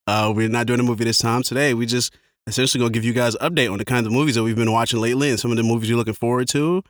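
A man co-hosts a podcast in relaxed, joking chat and swears freely. His voice sits at an ordinary pitch. The sound is dry and close, with no room echo. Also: racing. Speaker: podcast co-host.

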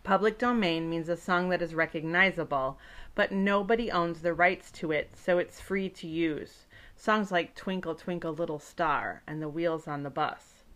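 A woman entertainer speaking gently and warmly to children, telling a friendly story and explaining words simply. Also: lowish voice, normal speed.

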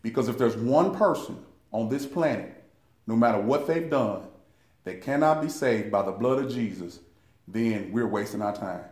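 A man's voice: medium pitch, expressive, normal speed, a little mellow, echoey room. A man teaching a Bible study in an impassioned preaching style, calling his listeners saints. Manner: impassioned, addresses listeners as saints, rises in fervor.

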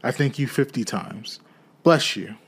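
A man voicing a joyful, humbled old miser who speaks in a low, hushed, eager way. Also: lively intonation, a little slow, creaky, breathy edge, heavily acted. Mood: earnest.

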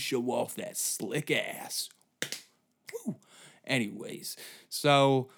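A man hosting a comedy podcast, telling a story in a profane, rambling, sarcastic way. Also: mid-range voice. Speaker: podcast host.

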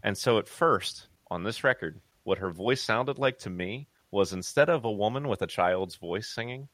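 A man's voice: lowish voice, animated, normal speed, a bit bright, no room sound. A man co-hosting a music podcast, talking casually and rambling with fillers and restarts. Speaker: podcast co-host. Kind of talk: casual music review chat.

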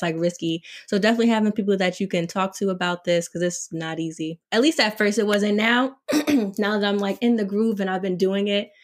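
A woman guest on a podcast, speaking thoughtfully and hesitantly, often checking that she makes sense. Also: medium pitch. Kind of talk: casual interview chat.

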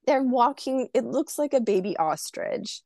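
A woman's voice: fairly high pitch, expressive, unhurried, mellow, no echo. A woman from California, a podcast guest, candidly telling a personal story and acting out the dialogue. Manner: candid, emotional, acts out quoted dialogue.

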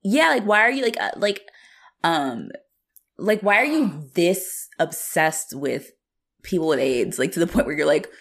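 A woman's voice: on the low side, expressive, measured pace, fairly bright tone. A woman co-hosting a podcast, recapping a TV episode in loose casual chat, full of fillers and swearing. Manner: chatty, swears freely, lots of "like". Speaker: podcast co-host.

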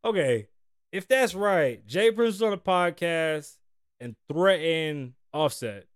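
A man in his forties holds forth on his podcast with profane, animated trash talk. His voice sits fairly high for a man. The sound is dry and close. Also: slow, clean tone, dry recording. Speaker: podcast host. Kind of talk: casual podcast chat.

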